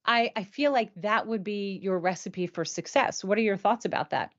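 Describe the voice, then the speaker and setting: A woman's voice: medium pitch, moderate pace, lo-fi sound. Chatty woman hosting a live Q&A. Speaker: host. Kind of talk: live Q&A interview.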